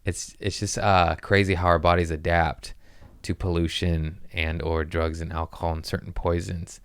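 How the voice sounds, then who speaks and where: A man hosting a casual comedy podcast, talking in a rambling, profane, excitable way. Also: low-pitched, normal speed, smooth, dry recording.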